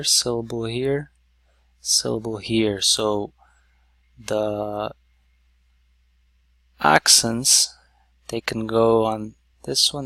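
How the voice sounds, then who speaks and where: A man teaching a whiteboard lesson, explaining slowly step by step with many "so"s. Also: mid-range voice, bright, forceful tone, dry recording. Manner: slow, stepwise explaining with many "so"s.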